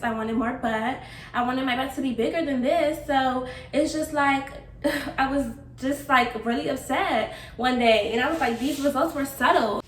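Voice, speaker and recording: A woman's voice: a little high, a little hiss or hum. A young woman giving a candid vlog update, chatty and blunt, swearing casually. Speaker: vlogger. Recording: echoey room, slightly distant mic.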